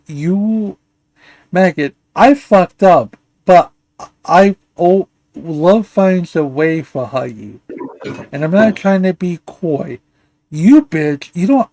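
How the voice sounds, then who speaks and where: A male livestream commentary host rants angrily, hurling profanity and insults while stammering and restarting. His voice is high and a little mellow, with no echo.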